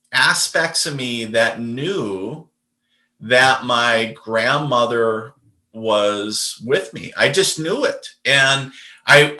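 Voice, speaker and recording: A man's voice: medium pitch, bright, forceful tone, echoey room. A man, a podcast guest and medium, telling a personal story in a casual, rambling way with lots of fillers and restarts.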